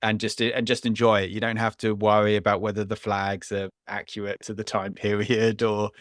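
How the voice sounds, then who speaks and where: Low-voiced man chatting about films. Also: monotone, fairly quick, a bit bright, no echo, studio quality. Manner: rambling, restarts often, chuckles. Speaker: podcast co-host. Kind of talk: casual film discussion.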